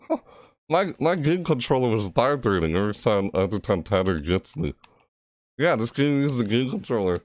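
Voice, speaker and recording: A man's voice: medium pitch, sing-song, brisk, a little mellow, no room sound, studio quality. A man hosting a horror game let's play, talking through it, grumbling at the game and yelping when startled. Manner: jumpy, yelps and cries out at scares, grumbling at the game. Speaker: gaming channel host.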